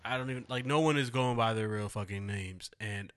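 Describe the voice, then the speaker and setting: A man co-hosting a casual podcast chat, animated and quick to laugh. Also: fairly low pitch. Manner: animated, laughing, swearing freely. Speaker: podcast co-host.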